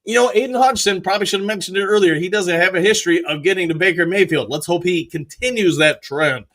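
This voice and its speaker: A man's voice: high voice, quick pace, fairly bright tone. A man hosting a live stream, reading out viewer comments in an upbeat, chatty way. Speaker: host.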